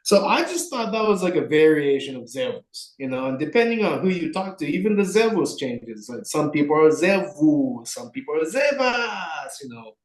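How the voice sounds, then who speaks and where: A young man co-hosting a podcast, telling a story in a lively way with many fillers. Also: a little high, brisk, few pauses, reverberant, low-quality recording. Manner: animated, filler-heavy storytelling. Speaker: podcast co-host. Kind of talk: casual storytelling chat.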